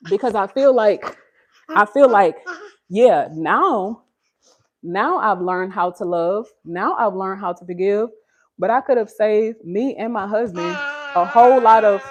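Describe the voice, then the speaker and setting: Earnest woman livestreaming from home. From Texas, USA. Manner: earnest, preachy, talks straight to viewers; high sing-song baby talk to her child. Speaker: livestream host. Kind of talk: casual livestream chat. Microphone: phone.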